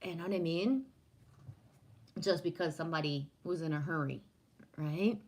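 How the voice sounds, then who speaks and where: A woman's voice: low-pitched, moderate pace, a little mellow, rough recording. A woman from Canada chatting casually on a livestream, rambling and swearing freely while reading and answering comments. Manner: profane, rambling, talks to chat. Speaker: livestream host.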